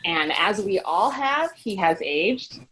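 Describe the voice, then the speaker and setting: A woman's voice: mid-range voice, expressive, slow. A woman in her thirties hosting a podcast from home, chatty and giggly. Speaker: podcast host. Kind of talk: casual chat. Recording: home recording with noticeable background noise.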